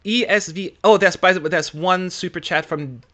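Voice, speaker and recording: A man's voice: high-pitched, moderate pace, sharp tone. Chatty male stream co-host. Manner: chatty, jokey, reads viewer questions. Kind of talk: casual chat.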